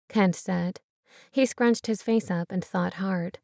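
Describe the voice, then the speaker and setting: A woman narrating a story in an even, measured reading. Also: mid-range voice, creaky, no room sound, clean studio sound. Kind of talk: audiobook narration.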